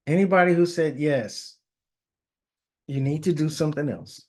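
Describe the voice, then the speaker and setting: A man's voice: fairly high pitch, moderate pace, long pauses, darkish tone. A man giving a casual market analysis, walking through charts conversationally and often checking in with "all right?" while correcting himself.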